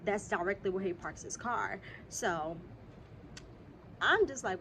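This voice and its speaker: A young woman, telling a casual storytime vlog straight to her viewers. She is a little sick and keeps clearing her throat, and her talk is animated and full of swearing. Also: medium pitch, unhurried, a little hiss or hum. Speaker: vlogger. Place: outdoors.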